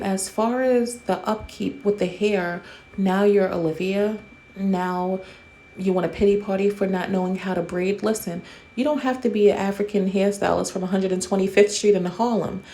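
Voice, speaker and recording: A woman's voice: mid-range voice, mellow. A woman hosting casual commentary, bluntly roasting someone with a lot of profanity. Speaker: commentary host.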